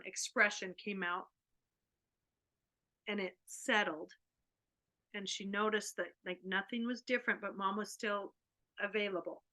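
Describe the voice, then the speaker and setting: Bright-voiced woman telling a story. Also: mid-range voice. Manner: animated, acts out a child's panic. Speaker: workshop host. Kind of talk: storytelling to an online group. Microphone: video call.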